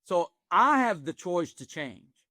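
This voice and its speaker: A man in his sixties with a somewhat high voice tells stories in a plain, earnest way, full of folksy turns of phrase. The sound is dry and close, with no room echo. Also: sing-song, slow, pushed and bright. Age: 60s. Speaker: executive coach. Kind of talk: podcast interview.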